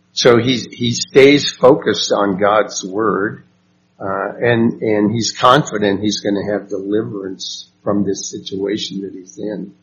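A man teaching a Bible study class, reading verses and asking the group questions. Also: fairly low pitch. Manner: slow and unhurried, asks the group questions. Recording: dull lo-fi recording with faint noise.

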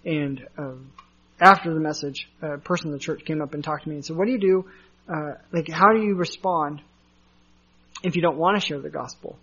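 Guy pastor with a high voice, chatty sermon, kinda muffled lo-fi recording. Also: brisk, fairly bright tone, slightly rough. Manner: conversational preaching, fillers and asides.

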